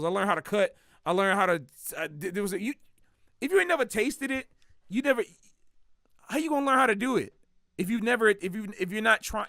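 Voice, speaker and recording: A man's voice: sits high, fairly bright tone, no echo, clean studio sound. A jazz saxophonist giving his opinions to an audience in casual talk. He asks slangy rhetorical questions and laughs often.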